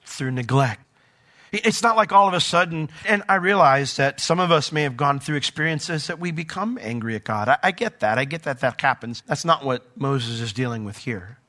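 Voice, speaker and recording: A male pastor delivers a sermon in a conversational, storytelling way. His voice sits a bit high and rings bright and forceful. He reads scripture aloud and briefly acts out quoted voices as he goes. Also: lively intonation, moderate pace. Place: church.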